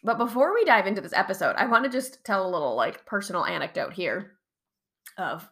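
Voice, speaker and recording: A woman hosting a casual solo podcast, chatty and animated, laughing often and swearing casually while getting over covid. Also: medium pitch, brisk. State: recovering from covid. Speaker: podcast host and chronic pain coach.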